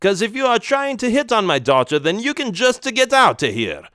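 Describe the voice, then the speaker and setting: A pompous mob boss growls with a thick Italian accent, as a male narrator puts him on in a children's storybook reading. The voice is pitched higher than the reader's own and stays lively and swinging, and the recording is dry and close. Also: moderate pace, no echo, exaggerated voice. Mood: menacing. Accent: Italian (put on). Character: mob boss, older man, pompous and jealous.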